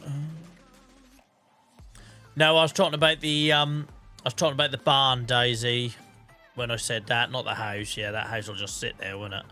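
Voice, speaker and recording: A man's voice: mid-range voice, fairly even intonation, moderate pace, long pauses, bright, forceful tone, faint music behind. A tired man with a headache, casually chatting to his live-stream viewers while playing, thinking aloud and swearing now and then. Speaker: game streamer.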